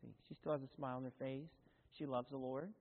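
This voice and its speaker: Tinny pastor in echoing hall. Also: male voice, mid-range voice, level tone, fast. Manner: folksy and conversational, with asides and self-corrections. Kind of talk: sermon. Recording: tinny, phone-like sound in a long-echoing hall.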